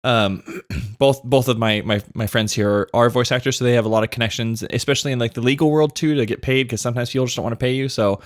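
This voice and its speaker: A man's voice: mid-range voice, fairly even intonation, fast, no echo, studio quality. Man steering a comedy podcast. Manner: earnest, steers the conversation. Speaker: podcast co-host. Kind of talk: casual comedic chat.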